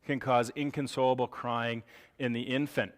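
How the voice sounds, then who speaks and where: A man giving a live medical lecture to clinicians, animated and joking, acting out parents' reactions. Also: mid-range voice, normal speed, in a large hall.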